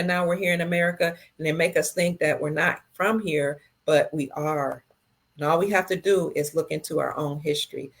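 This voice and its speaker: A middle-aged woman with a low voice hosts a casual livestream. She reads viewer comments aloud one by one and answers each in a slow, tender way.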